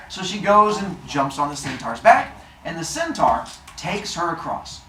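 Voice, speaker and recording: A man teaching, telling a story to his class in a casual, chatty and animated way. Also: fairly high pitch, normal speed, echoey room, a little hiss or hum, low-quality recording.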